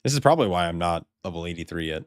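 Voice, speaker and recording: Low-pitched American guy, laid-back game streamer, swears freely, dry close-up sound. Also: expressive, rapid-fire, no echo. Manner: loose, rambling, swears a lot, laughs often. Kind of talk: casual live-stream chat.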